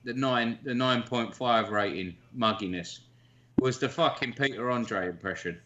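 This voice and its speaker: A man's voice: mid-range voice, a little slow, pushed and bright, muffled recording. A man in casual banter, mocking someone and swearing, now and then slipping into silly impressions.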